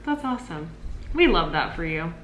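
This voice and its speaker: A woman co-hosting a podcast in casual chat, upbeat and agreeable, with frequent quick yeahs. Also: on the low side, sing-song, a bit bright. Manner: upbeat, agreeable, quick back-channel "yeah"s. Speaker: podcast co-host. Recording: echoey room with faint noise.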